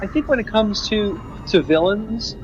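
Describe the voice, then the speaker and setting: A man's voice: sits high, expressive, measured pace, soft background music. A man from the United States, a guest on a podcast, talking casually and thoughtfully, often restarting his phrases. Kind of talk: casual chat. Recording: dull lo-fi audio.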